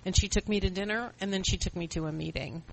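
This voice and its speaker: A woman's voice: medium pitch, fairly even intonation, fast talker, vocal fry, a little hiss or hum, poor audio. A middle-aged woman sharing her story as a panelist at a recovery meeting, earnest and repeating her key phrases.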